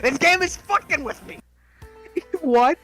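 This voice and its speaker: A young man reacting to a video game with loud, excitable outbursts and a lot of swearing. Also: very high voice, measured pace, faint music behind.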